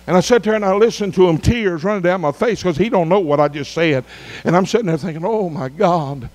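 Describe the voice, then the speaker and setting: A middle-aged man preaching a revival sermon as pastor, with drawn-out emphatic phrases. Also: high-pitched, a little mellow. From Arkansas.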